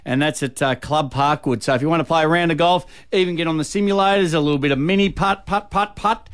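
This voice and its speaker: A man's voice: a little high, fast. A man co-hosting breakfast radio, reading event plugs in a chatty, filler-heavy way. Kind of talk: casual radio announcing. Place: radio studio.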